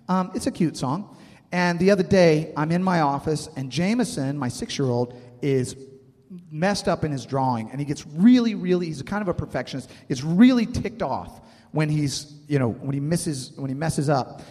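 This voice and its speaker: A male pastor in his thirties delivers a sermon in a casual, conversational way, often turning to ask the congregation questions. His voice sits a little high for a man. The sound rings with a long hall reverb. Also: expressive, moderate pace, a little mellow.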